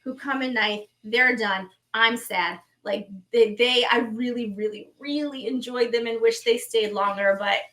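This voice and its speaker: A woman, co-hosting a show and recapping it in an animated, chatty way. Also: a little high, a little slow, few pauses. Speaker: co-host, reality show recap. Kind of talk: casual chat.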